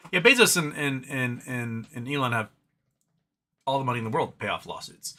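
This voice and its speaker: A man's voice: mid-range voice, expressive, fairly quick, bright, forceful tone. A man hosting a casual live stream, reading chat comments aloud and rambling between them, often talking to his cat. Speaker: livestream host reading chat.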